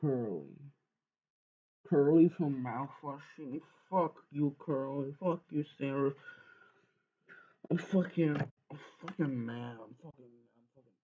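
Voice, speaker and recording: A man's voice: medium pitch, lively intonation, measured pace, long pauses. Swearing young man with tinny sound. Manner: swears constantly, sudden loud outbursts. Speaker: streamer. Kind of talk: casual game stream commentary.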